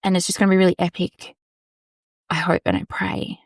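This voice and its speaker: Gravelly low-voiced woman, candid chat. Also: big pitch swings, a little fast, dry recording, studio quality. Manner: candid, rambling, swears casually. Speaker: podcast host. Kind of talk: casual solo podcast monologue. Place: small storage room.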